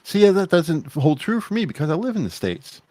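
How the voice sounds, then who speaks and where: A man's voice: fairly high pitch, sing-song, a little fast, a little mellow. A man co-hosting a podcast in casual chat, rambling and blunt, swearing freely. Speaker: podcast co-host.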